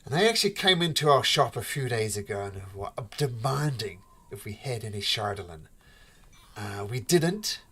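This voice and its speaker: A game master voicing a brisk dwarf shopkeeper woman. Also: mid-range voice, big pitch swings, fairly bright tone, breathy edge. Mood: chatty. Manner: brisk, bossy, folksy. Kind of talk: tabletop role-play voice.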